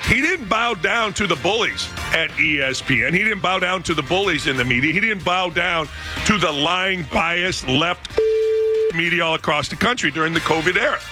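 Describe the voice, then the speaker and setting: A man's voice: high voice, lively intonation, normal speed, music in the background. A man giving sports opinion commentary in a combative, emphatic way, repeating points for emphasis.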